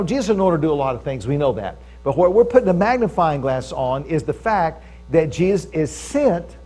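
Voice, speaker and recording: Male preacher, fairly high voice, conversational sermon, checks in with the congregation. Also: a little mellow. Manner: conversational preaching, stresses key phrases, often asks the audience for agreement. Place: church service with audience.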